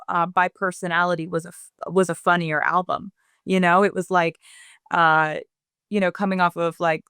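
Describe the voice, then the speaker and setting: A woman's voice: on the low side, a bit bright, clean tone, no echo, studio quality. A woman songwriter in a casual interview over a video call, thinking aloud and searching for her words as she explains her writing. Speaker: singer-songwriter guest.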